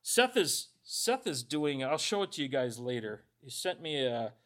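Pastor guy preaching casual, jokey asides, bright voice. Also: mid-range voice, sing-song, a little slow. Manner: casual, joking asides, reads scripture aloud. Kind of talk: conversational sermon.

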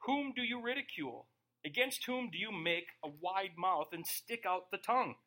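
A man's voice: high-pitched, expressive, moderate pace, pushed and bright. A male pastor teaching verse by verse in a conversational way, acting out quoted voices.

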